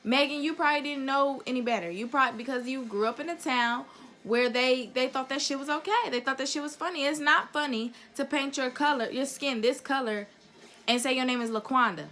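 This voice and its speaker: A woman's voice: high-pitched, a little fast, a bit bright. A young woman vlogger giving a heated, profane opinion rant straight to camera, blunt and emphatic.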